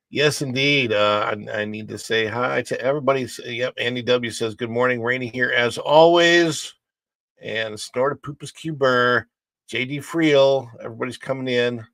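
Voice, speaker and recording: A chatty man from St. Louis, Missouri, hosts a livestream, greeting viewers by name and laughing at his own jokes in casual chat. His voice is fairly low and a bit bright with vocal fry, and there's no echo.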